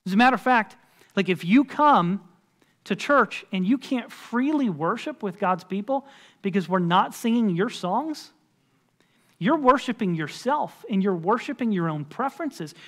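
Emphatic pastor preaching a sermon. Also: male voice, high-pitched, expressive, a little slow, fairly bright tone. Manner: conversational and emphatic, with frequent fillers. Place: church sanctuary.

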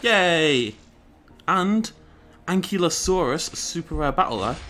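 A man's voice: medium pitch, big pitch swings, normal speed, fairly bright tone. A man hosting a let's-play video, chatty and playful as he comments on the game and reads its dialogue aloud. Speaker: gaming channel host.

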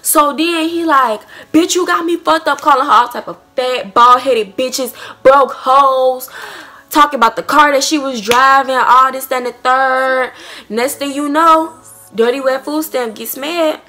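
A woman in her twenties telling a story casually to her vlog audience, talking in an animated, profane way. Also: high voice, a little slow, soft background music. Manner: animated, profane, acts out quotes. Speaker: vlogger.

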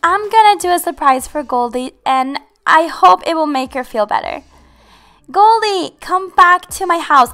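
Very high-voiced bubbly woman gamer. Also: animated, a little slow, sharp tone, soft background music. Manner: bubbly and giggly, talking to viewers. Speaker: game channel host. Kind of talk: gameplay roleplay commentary.

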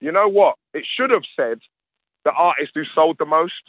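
A man's voice: fairly high pitch, expressive, moderate pace, no echo, narrow, tinny audio. A man, a radio interview guest who rants emphatically and repeats his points. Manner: ranting, emphatic, repeats himself. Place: radio studio.

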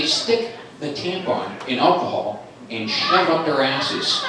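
A man doing a stand-up comedy set in a club, loud, animated and teasing the audience. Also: fairly high pitch, takes it slowly. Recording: roomy club sound from a distant camera, crowd laughing. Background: audience laughter.

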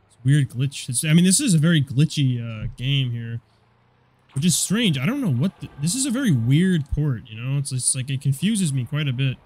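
A young man giving casual, profane commentary over a car combat game, rambling and quick to get annoyed. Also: medium pitch, animated, a little mellow, husky. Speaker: gameplay commentator.

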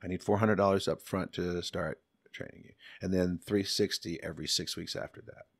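A man's voice: deep voice, fairly even intonation, dry recording. A man quoting a blunt fatherly voice teacher. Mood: businesslike. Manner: firm, measured, calls him "son". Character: stern old-school male voice teacher, blunt and fatherly.

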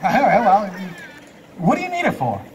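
A man's voice: high voice, huge pitch swings, normal speed, a little mellow, a little hiss or hum. A man performing as a stage hypnotist, giving playful commands to volunteers and laughing often. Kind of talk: live stage show patter. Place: live theater stage. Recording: distant live stage sound.

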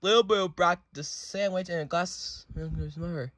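A reader reading a picture book aloud, halting often and restarting words. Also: mid-range voice, a bit bright, no room sound. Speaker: storybook reader. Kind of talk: read-along of a picture book.

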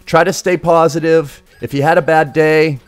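Brief: male game streamer, casual crude sarcastic commentary, slightly high pitch. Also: fairly even intonation, normal speed, no echo, faint music behind. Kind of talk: casual live-stream commentary while gaming.

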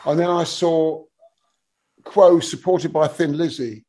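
A man's voice: fairly high pitch, slow pace. Rambling man in his sixties. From England. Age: 60s. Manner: rambling, animated storytelling with frequent restarts; swears casually. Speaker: guest musician, bass player. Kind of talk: casual anecdotal interview talk.

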